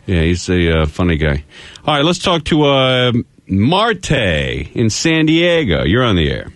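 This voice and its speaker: A man's voice: lowish voice, huge pitch swings, measured pace, fairly bright tone, no echo. A man hosting a call-in radio talk show, joking loosely and laughing often. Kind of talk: casual call-in radio banter.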